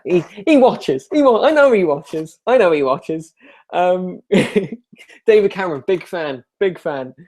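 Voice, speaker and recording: Rambling, joking young man. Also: on the high side. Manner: self-deprecating, rambling, quick with jokes. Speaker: YouTuber hosting a live Q&A. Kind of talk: casual live chat.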